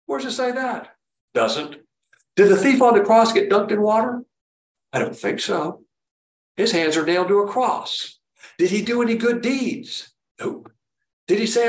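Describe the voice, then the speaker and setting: A man's voice: sits high, expressive, moderate pace. A man preaching a sermon in a plainspoken way, firing off rhetorical questions and acting out quotes. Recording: roomy echo, distant mic.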